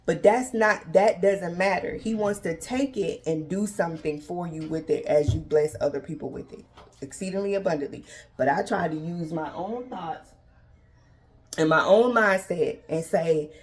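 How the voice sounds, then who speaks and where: A woman's voice: fairly low pitch, normal speed. A woman in her thirties hosting a faith-based talk, casually addressing listeners as y'all and acting out dialogue with God and others. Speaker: podcast host.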